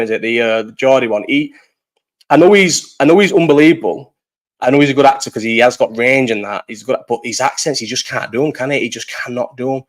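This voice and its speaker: Chatty sweary man. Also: mid-range voice. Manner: chatty, swears freely, trails off and restarts. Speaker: host. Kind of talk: casual live-stream chat.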